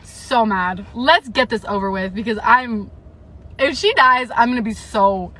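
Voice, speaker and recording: Woman reading a novel live, keeps stopping to rant and swear, fairly high bright voice, faint hum behind. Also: a little slow. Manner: expressive, emphatic repetition. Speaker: livestreamer reading a novel aloud. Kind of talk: live read-aloud with reactions.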